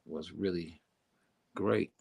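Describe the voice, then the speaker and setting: A male podcast host with a fairly low voice, talking casually and building hype. He keeps calling his listeners to come on in and join the show. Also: fairly even intonation, takes it slowly, vocal fry, darkish tone, breathy edge. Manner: hyped, repeats calls to the audience to come on in. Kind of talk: casual chat.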